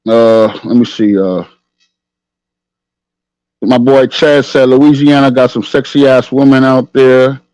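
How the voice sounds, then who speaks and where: A man's voice: mid-range voice, steady tone, takes it slowly, pauses often, darkish tone, dry recording, rough recording. A middle-aged man hosting a casual livestream podcast, reading the chat, laughing often and saying "you know what I mean" after nearly every line. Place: at home with camera off.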